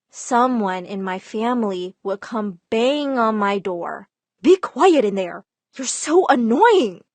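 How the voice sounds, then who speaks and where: A woman narrating a first-person storytime in a lively, dramatic way. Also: on the high side, dry recording.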